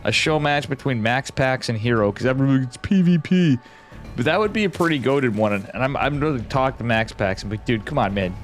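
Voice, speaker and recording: Male co-caster, loose and jokey, rambles and swears, mid-pitched, light music underneath. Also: expressive, fairly quick. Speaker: esports caster. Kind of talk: casual co-casting banter.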